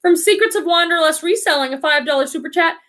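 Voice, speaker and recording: Woman, slight Boston accent, high bright voice, chatty livestream host, upbeat. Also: quick pace. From Boston area. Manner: chatty, upbeat, reads viewer comments aloud. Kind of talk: casual livestream chat reading comments.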